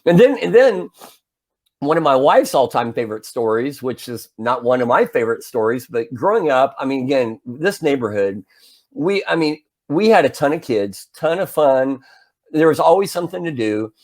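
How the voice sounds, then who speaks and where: A podcast co-host in his forties casually tells a story, playing out the parts as he goes, including his own yelling. His voice is medium-pitched and moderately paced.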